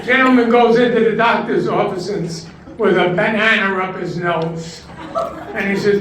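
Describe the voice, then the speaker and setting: An older man doing stand-up at a retirement home talent show, slowly delivering one-liners and chuckling at his own punchlines. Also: high voice. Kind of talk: stand-up joke telling. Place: community room of a retirement residence. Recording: echoey room, distant mic, background noise.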